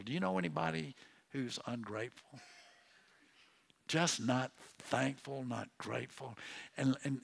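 A man's voice: medium pitch, creaky, a bit bright. An older man, a pastor, preaching a sermon in a conversational way, often restarting his sentences and turning to the congregation with asides. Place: church.

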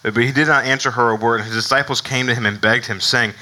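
A man's voice: medium pitch, fairly even intonation, quick pace, hardly any pauses, bright, forceful tone, low-quality recording. A man preaching a casual sermon as pastor, conversational with frequent restarts and fillers, often laughing.

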